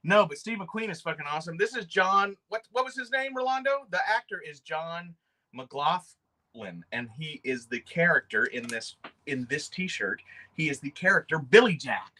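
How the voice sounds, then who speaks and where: Male livestream host, bright-toned, excitable, swears a lot, rambles. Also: a little high, normal speed. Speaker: livestream host showing custom figures. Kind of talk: casual livestream chat.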